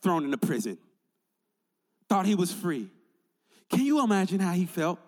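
A man's voice: high-pitched, sing-song, normal speed, darkish tone, long reverb tail. A male pastor preaching a sermon in an emphatic, conversational way, building points through repetition.

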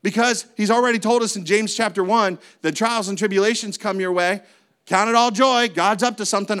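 A man's voice: high-pitched, brisk, fairly bright tone, clean tone. A man preaching a sermon as a pastor, with a conversational manner, lots of rhetorical questions and playful asides.

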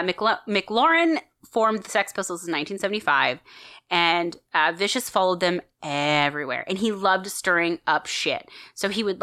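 A woman's voice: on the low side, pushed and bright, no room sound, clean studio sound. A woman co-hosting a podcast, chatting enthusiastically as she tells a story with lots of fillers. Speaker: podcast co-host telling a story. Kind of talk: casual storytelling chat.

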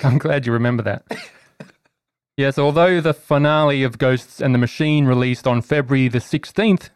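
A man's voice: medium pitch, no echo, studio quality. A man hosting a tabletop game podcast, upbeat and teasing in casual chat. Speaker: podcast host and game master.

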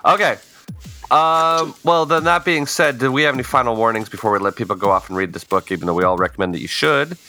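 A man's voice: mid-range voice, fast talker, pushed and bright, soft background music. A man hosting a casual book club podcast, speaking hesitantly with many fillers. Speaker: podcast host. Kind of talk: casual chat.

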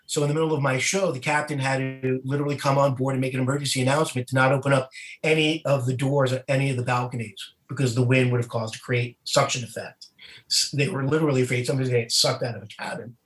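A male comedian from New York telling lively stories in an interview. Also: medium pitch. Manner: animated, lively storyteller. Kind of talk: storytelling in an interview. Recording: roomy echo.

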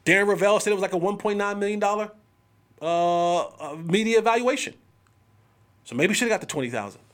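Male sports podcast host, high-pitched, casual trash talk, big drawn-out exclamations. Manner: animated, trash-talking, slangy.

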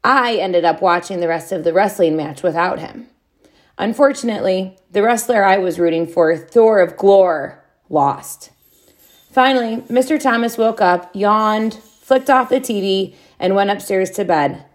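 A woman reading a children's chapter book aloud, with expressive, drawn-out storybook delivery. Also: medium pitch.

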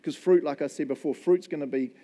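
A male pastor with a New Zealand accent delivers a casual sermon in church. He keeps it light and jokey, mixing animated stories and self-deprecating asides into the teaching. His voice sits slightly high but sounds mellow and relaxed. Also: brisk.

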